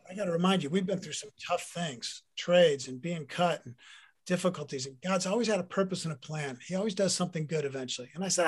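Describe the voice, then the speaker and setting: Interview guest, man in middle age, raised pitch, animated storyteller sharing a heartfelt testimony. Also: fast. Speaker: guest, former pro football player. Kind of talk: personal faith testimony in conversation.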